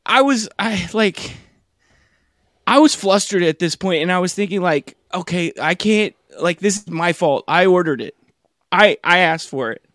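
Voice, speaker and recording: A man co-hosting a podcast, telling a long comic story in a halting, rambling way that keeps circling back on itself. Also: high voice, expressive, fairly bright tone, no echo. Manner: rambling, halting, self-interrupting. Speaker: podcast co-host. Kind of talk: casual comedic storytelling.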